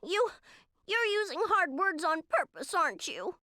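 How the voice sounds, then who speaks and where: Squeaky childlike cat girl. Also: sing-song, unhurried, sharp tone, dry recording, clean studio sound, full character voice. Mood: playful. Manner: childlike, bubbly, meows. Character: hyper, dim-witted young cat girl.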